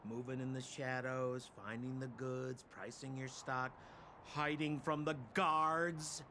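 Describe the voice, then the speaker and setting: An actor playing a sly, talkative male smuggler guide in a game cutscene, with smooth salesman patter. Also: medium pitch, little pitch movement, takes it slowly, pushed and bright, slight background noise.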